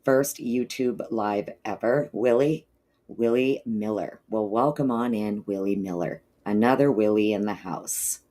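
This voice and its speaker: Low-energy woman greeting livestream chat. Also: measured pace, dark tone. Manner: greets chat viewers by name with pet names; frequent throat clearing. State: low energy, not feeling peppy. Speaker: livestream host.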